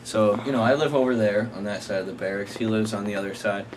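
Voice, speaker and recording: A man's voice: on the low side, quick pace. Profane young man telling a rambling story. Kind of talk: casual anecdote among friends. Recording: noisy amateur recording.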